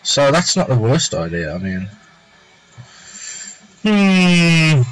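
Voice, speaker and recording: A man with a lowish, slightly bright and breathy voice swings widely in pitch at a normal pace as he draws on a home live stream, musing aloud through fillers, self-talk and half-finished ideas. Soft music plays behind, there's no room sound, and the audio is poor.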